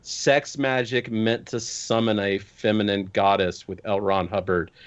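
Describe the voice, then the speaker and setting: A man's voice: on the low side, fairly even intonation, a little slow, lo-fi sound. A man as a podcast guest, telling history in casual chat, incredulous and swearing casually. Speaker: podcast guest discussing tabletop game lore.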